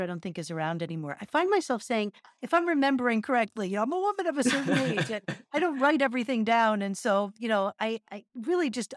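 A woman's voice: medium pitch, dry recording, studio quality. A middle-aged woman co-hosting a podcast, talking casually and earnestly as she teaches a chanted breathing practice and laughs at herself. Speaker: podcast co-host and yoga teacher. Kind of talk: casual chat.

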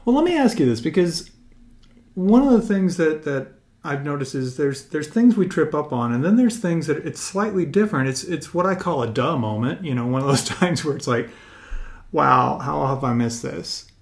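A man's voice: on the high side, animated, a little fast, darkish tone. A man hosting a conversation with a couple, affirming their points and laughing easily as he asks questions. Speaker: podcast host. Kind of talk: casual interview chat.

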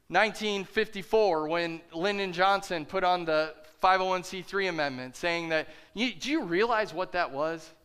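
Bright-voiced, passionate male pastor preaching. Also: high-pitched, clean tone. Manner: passionate, preaching with rising intensity. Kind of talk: sermon.

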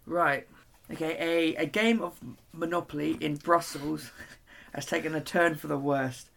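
A man co-hosting a podcast in casual chat, making dry quips and reading stories aloud haltingly. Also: a little high, steady tone, creaky, fairly bright tone, a little hiss or hum. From grew up in Norfolk, born in London. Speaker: podcast co-host.

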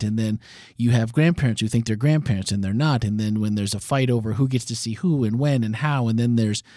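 A man co-hosting a faith podcast with a mellow, darker tone. He talks candidly and keeps affirming his co-host with quick yeahs. The sound is dry and close. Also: on the low side, no room sound. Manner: candid, relaxed, frequent affirmations. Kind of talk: conversational Christian discussion.

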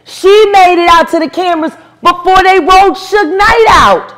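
A woman in her forties, an interview guest, telling stories in a brash, profane, animated way with bursts of laughter. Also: very high voice, moderate pace. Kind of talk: storytelling interview.

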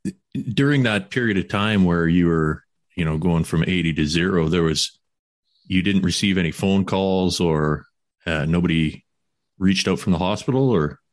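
A man's voice: deep voice, normal speed, dry recording, studio quality. A man co-hosting a podcast, asking probing questions in a hesitant way. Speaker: podcast co-host. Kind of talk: interview questioning.

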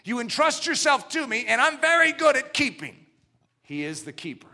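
A middle-aged man preaching a sermon, swinging from loud declarations down to hushed, low passages. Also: big pitch swings, normal speed.

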